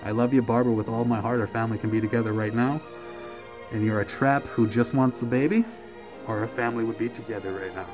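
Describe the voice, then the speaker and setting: Man, casual rambling vlog rant, emotional and crude, music clearly under the voice. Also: medium pitch, fairly even intonation, fast. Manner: rambling, emotional, profane, with many fillers. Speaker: musician vlogger. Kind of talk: rambling personal monologue to camera.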